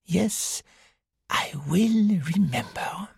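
An audiobook reader voicing a fussy older male detective who muses to himself in a soft, half-whispered, slow voice, raised above the reader's own pitch. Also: slightly rough. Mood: quiet resolve.

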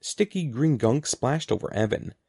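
A man narrates a children's storybook with a gravelly, mellow voice whose pitch rises and falls a lot. The sound is dry and close, with no room around it. His reading is lively and expressive. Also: normal speed, no room sound. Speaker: audiobook narrator.

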